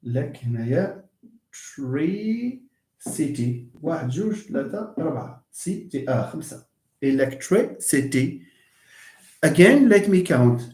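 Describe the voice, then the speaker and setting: A man leads a live English lesson, his voice sitting a little high and swinging widely. He drifts into Arabic asides and playfully mimics wrong stress. The room around him is echoey. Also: sing-song, a little fast, a little mellow. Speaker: English teacher. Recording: roomy echo.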